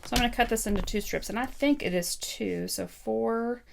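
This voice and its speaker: A woman's voice: a little high, moderate pace, creaky. A woman casually demonstrating card making on a live stream, thinking aloud with frequent ums and asides to viewers. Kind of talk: casual live craft tutorial.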